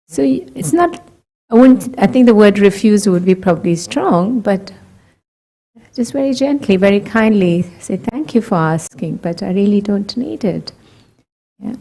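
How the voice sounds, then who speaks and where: A woman from India giving a gentle, conversational talk to a group, asking reflective questions and laughing lightly. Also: mid-range voice. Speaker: meditation talk speaker.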